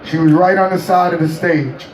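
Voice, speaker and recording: High-voiced man, animated storyteller, laughs a lot, roomy distant sound. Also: moderate pace, a little hiss or hum. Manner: animated storyteller, laughs often, acts out quotes. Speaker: interview guest. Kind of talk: storytelling interview.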